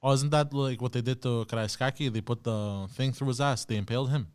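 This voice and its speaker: A man in a casual podcast chat, speaking at an ordinary mid pitch. He often stops partway through and starts his sentences over. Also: fairly even intonation, darkish tone, smooth, dry recording, studio quality. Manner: hesitant, reads aloud haltingly. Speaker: podcast co-host.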